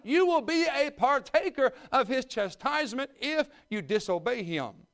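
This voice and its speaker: A man, preaching a sermon with folksy humor that builds to loud, fervent exhortation. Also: very high-pitched, expressive, unhurried, few pauses. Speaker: pastor.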